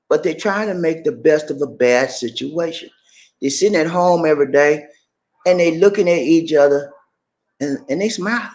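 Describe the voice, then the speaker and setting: A man's voice: on the high side, a little mellow, reverberant. A man hosting a relationship-advice video, talking in a casual, preachy, playfully pleading way. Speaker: relationship vlogger.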